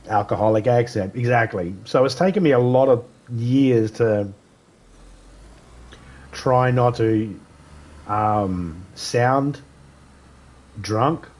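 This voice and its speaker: A man's voice: medium pitch, takes it slowly, long pauses, darkish tone. A man streaming a video game live, chatting casually with slightly slurred speech, rambling through stories and laughing often. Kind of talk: casual chat while gaming live.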